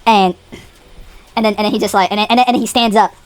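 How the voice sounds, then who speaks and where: A woman's voice: medium pitch, steady tone, fast talker, clear, resonant tone, soft background music. Rambling woman telling a story. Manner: rambling, with many restarts and dramatic asides. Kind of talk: casual story narration.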